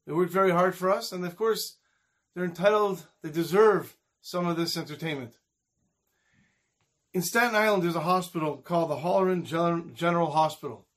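A man with a fairly high voice delivers a storytelling sermon. He narrates with animated energy and builds toward a moral lesson. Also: moderate pace. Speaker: speaker at a community event.

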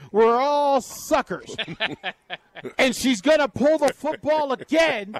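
A man on a sports radio show, ranting in an animated, sarcastic, exasperated way with vivid comparisons. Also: very high-pitched. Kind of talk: fired-up sports talk.

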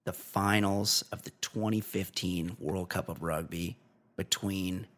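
A man's voice: sits low, fairly even intonation, unhurried, fairly bright tone. A man hosting a casual podcast, joking and reading listener questions in a mock-formal announcer manner. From New Zealand. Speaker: podcast host.

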